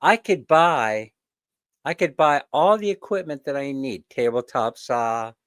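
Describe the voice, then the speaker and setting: Guy chatting live w/ his viewers, tells stories, chuckles a lot, mid pitch, dry close sound. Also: expressive, a little slow, fairly bright tone, no room sound. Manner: chatty storytelling, mimics people he quotes; chuckles often. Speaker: host. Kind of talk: casual live chat with viewers.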